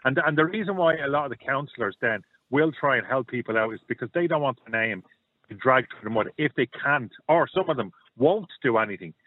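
A man's voice: mid-range voice, animated, a little fast, no room sound. A middle-aged man, telling blunt stories and opinions as a caller on a radio show. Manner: blunt, storytelling, repeats himself. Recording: tinny phone line.

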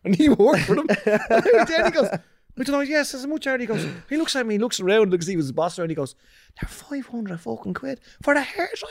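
A man's voice: sits high, fast talker, dry recording, studio quality. A man, co-hosting a podcast in casual chat, telling rambling stories full of swearing. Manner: rambling, swearing, animated storytelling. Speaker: podcast co-host.

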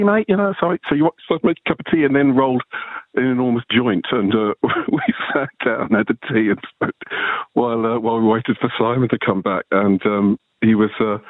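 A man in his sixties calling into a radio show, telling an animated story and acting out the voices of the people in it. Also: mid-range voice, brisk, no echo. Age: 60s. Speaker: caller. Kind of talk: phone-in anecdote. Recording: tinny phone line.

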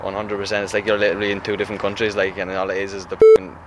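Man from Wicklow, rural Wicklow accent, low and fast, outdoors with traffic behind. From Wicklow, Ireland. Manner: rapid, flat, laughs between remarks. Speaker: interviewee on the street. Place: outdoors in town.

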